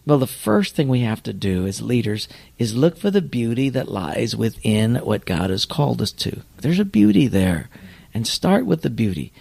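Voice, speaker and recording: A man who is a pastor, telling an anecdote in an animated storytelling manner. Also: medium pitch, normal speed, gravelly, husky. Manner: animated, lively storyteller acting out voices.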